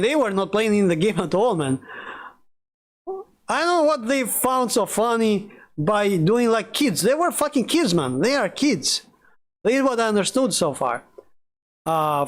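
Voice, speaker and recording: Male gaming streamer, high voice, rambling and excitable, curses freely. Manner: rambling, excitable, swears a lot. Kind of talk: casual live-stream chat.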